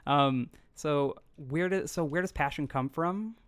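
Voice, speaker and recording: A man hosting a casual interview, relaxed and a little rambling, joking about his own sidetracking. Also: on the high side, a little slow, clean tone, no echo. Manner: relaxed, rambling, self-deprecating. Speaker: host.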